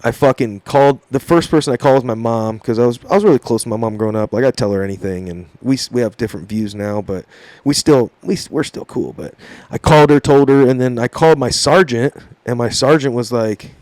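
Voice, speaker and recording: A man's voice: mid-range voice, quick pace, no echo. Profane man telling a wild story. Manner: profane, animated storytelling with voiced quotes. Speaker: podcast guest. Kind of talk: casual storytelling.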